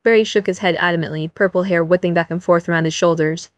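Lower-voiced woman narrating an audiobook. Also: steady tone, fast, dry recording.

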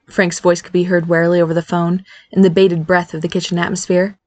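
A woman reading a story aloud as audiobook narrator in an even, storytelling manner. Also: fairly low pitch, fast talker, hardly any pauses, no echo. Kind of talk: scripted narration.

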